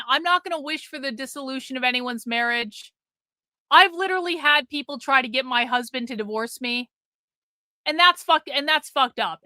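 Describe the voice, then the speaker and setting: A woman's voice: high-pitched, bright, forceful tone, dry recording. A middle-aged woman hosting a casual livestream chat, blunt and swearing freely. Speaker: livestream host.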